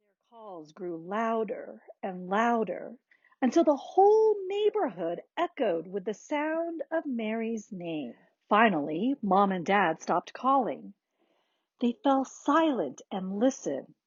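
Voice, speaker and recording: A woman slowly reading a children's picture book aloud in a soft, expressive manner. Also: mid-range voice, dry recording, highs cut off. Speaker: narrator. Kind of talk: slow storybook read-aloud.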